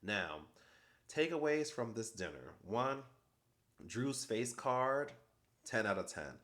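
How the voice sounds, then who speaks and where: A man's voice: medium pitch, lively intonation, slow pace, fairly bright tone. A man casually recapping a reality TV episode, chatty and gossipy, acting out quoted lines in playful mock voices. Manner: chatty and gossipy, laughs at his own jokes.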